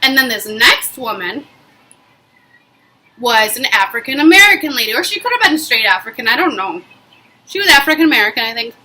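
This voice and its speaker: A woman's voice: fairly high pitch, a little fast, pauses often, low-quality recording. A young woman vlogging, telling a personal story in a casual, emphatic way with lots of fillers. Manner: emphatic, animated retelling with frequent fillers.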